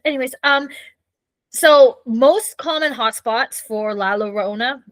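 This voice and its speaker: A woman's voice: high voice, fairly even intonation, measured pace, no room sound, low-quality recording. A Canadian woman co-hosting a casual ghost-story podcast, reading from her notes loosely and stumbling over names. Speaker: podcast co-host.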